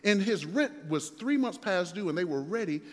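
A male pastor preaching a sermon, moving from relaxed storytelling to emphatic, building exhortation. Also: high voice, normal speed, big-room sound.

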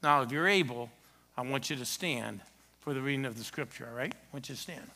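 A man's voice: mid-range voice, a little fast, sharp tone. A middle-aged man preaching a sermon, telling a story and joking with the congregation. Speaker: pastor. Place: church sanctuary.

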